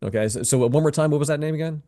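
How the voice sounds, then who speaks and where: A man's voice: fairly high pitch, rapid-fire, mellow. A man hosting an interview in a friendly, loose way, with lots of fillers, thanking the guests and signing off. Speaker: interview host.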